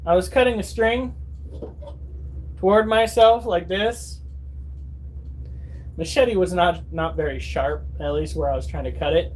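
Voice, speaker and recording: A man in his thirties with a high voice talks to his phone at home, rambling through stories for his viewers. He swears freely and acts out what people said. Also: measured pace, pauses often, breathy edge. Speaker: vlogger. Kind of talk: casual storytelling to viewers.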